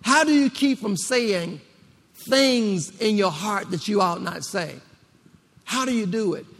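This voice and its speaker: A man's voice: high-pitched, animated, measured pace, fairly bright tone. A man preaching a rousing sermon to a congregation, repeating phrases and calling for responses. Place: church. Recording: long reverb of a church hall.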